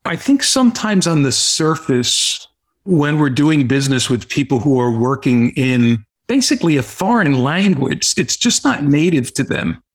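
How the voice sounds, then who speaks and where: Guy hosting a podcast, asks calm, earnest questions. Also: a little high, normal speed. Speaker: podcast host. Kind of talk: interview questions.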